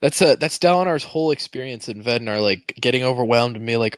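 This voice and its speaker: A man co-hosting a casual book chat, jokey and quick with pop-culture riffs. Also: medium pitch, expressive, no room sound, studio quality. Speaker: podcast co-host.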